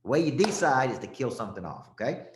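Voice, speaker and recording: A man's voice: medium pitch, sing-song, fast, a little hiss or hum. A middle-aged man from Tennessee, coaching a live audience on sales closes in a punchy, emphatic way, checking in often with "okay?". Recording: echoey room.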